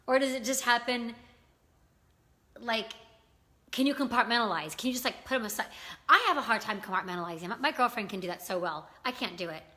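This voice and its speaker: A woman's voice: fairly high pitch, brisk, pushed and bright. A woman hosting a casual live stream, chatting with viewers, greeting them by name and talking with many fillers. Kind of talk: casual live-stream chat reading comments.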